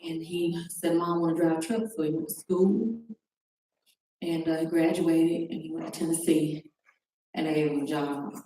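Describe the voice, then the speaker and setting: Middle-aged woman guest, low dark voice, re-enacts the calls in her own story, recorded from afar in a reverberant room. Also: fairly even intonation, moderate pace. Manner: recounts events by acting out quoted phone calls. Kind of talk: personal testimony on a talk show. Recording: very echoey room, distant mic, faint noise.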